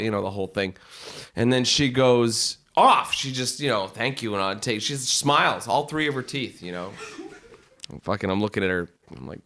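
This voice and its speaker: A man on a podcast, telling anecdotes in animated, profane style and acting out the people in them. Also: medium pitch, normal speed. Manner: animated, profane, does voices when telling stories. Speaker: podcast guest. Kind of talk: casual storytelling.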